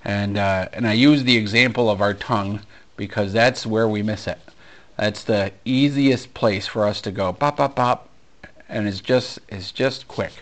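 A male pastor preaching a sermon, animated and storytelling, acting out conversations with frequent ums and restarts. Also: fairly low pitch, moderate pace. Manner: animated storyteller, acts out dialogue, many fillers. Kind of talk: sermon with personal stories.

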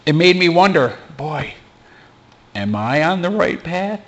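A pastor giving an informal sermon in a small church, mixing scripture with joking asides. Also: male voice, a little high, very animated, unhurried, dull audio. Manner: conversational preaching with joking asides.

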